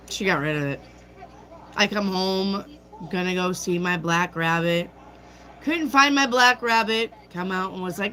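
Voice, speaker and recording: A woman's voice: fairly low pitch, slow pace, a bit bright, rough recording. A woman hosting a tarot livestream, chatting casually, telling a personal story and answering viewer comments. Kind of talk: casual chat with live chat.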